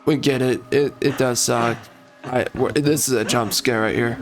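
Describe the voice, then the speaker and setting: A man's voice: mid-range voice, fairly even intonation, moderate pace, creaky. A man giving sarcastic, mocking running commentary while playing a video game. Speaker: streamer. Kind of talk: gameplay commentary. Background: game music and sound.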